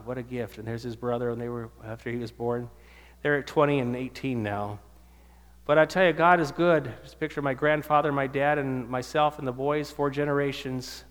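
Speaking at medium pitch with a fairly bright tone, a fifties-aged man tells a church audience his life story as a testimony, acting out the characters' voices. The room adds a long hall reverb.

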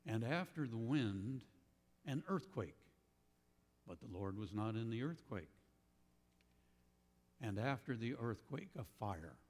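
A man preaching a sermon in a slow, thoughtful way, pausing often and restarting his phrases. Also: medium pitch, expressive, a little mellow, long reverb tail.

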